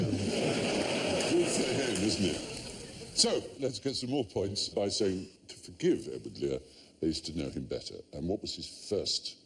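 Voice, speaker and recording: A man's voice: low-pitched, expressive, measured pace, background noise. A man hosting a comedy panel quiz, telling anecdotes in a wry, playful way. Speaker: quiz show host. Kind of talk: panel show banter and anecdote.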